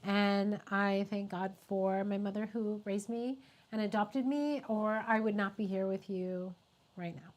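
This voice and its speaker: A middle-aged woman who works as a photographer, speaking on a casual live stream in a heartfelt way, pausing often and fighting back tears. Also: mid-range voice, steady tone. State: tearful.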